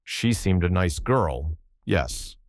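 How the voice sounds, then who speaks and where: A man's voice: sits low, animated, slow, no echo, clean studio sound, heavily acted. A man doing Hercule Poirot, precise and fussy. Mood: probing. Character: fussy, methodical older male detective.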